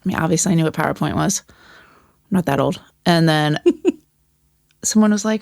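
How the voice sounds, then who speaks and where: Gravelly, low-voiced woman telling stories. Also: fast, darkish tone, dry recording, studio quality. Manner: candid, profane, acts out quoted voices. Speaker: podcast guest, former teacher. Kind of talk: casual conversation.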